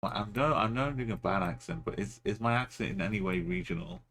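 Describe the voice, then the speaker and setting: A man's voice: fairly low pitch, expressive, quick pace, vocal fry, a bit bright, a little hiss or hum. A man streaming a geography game, musing aloud in short, offhand remarks as he plays. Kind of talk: casual commentary while playing.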